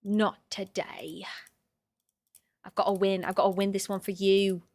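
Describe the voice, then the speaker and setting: A young adult woman streamer chatting casually to her viewers, talking to herself and swearing, sometimes loud. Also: medium pitch, flat delivery, measured pace, no room sound. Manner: talks to herself and to chat, swears, swings loud. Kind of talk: casual chat.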